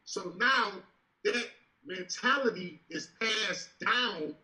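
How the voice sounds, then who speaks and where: Man explaining slowly and deliberately. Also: high voice, pushed and bright, poor audio. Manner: slow, deliberate explaining, casual and profane. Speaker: panel member. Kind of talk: podcast panel discussion.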